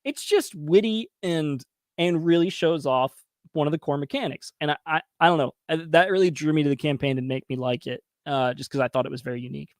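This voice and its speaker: A man's voice: fairly high pitch, fairly quick, dry recording, studio quality. Chatty man reviewing game pages. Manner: chatty, laughs easily, reacts to viewers. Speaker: host reviewing crowdfunding pages. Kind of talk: casual commentary.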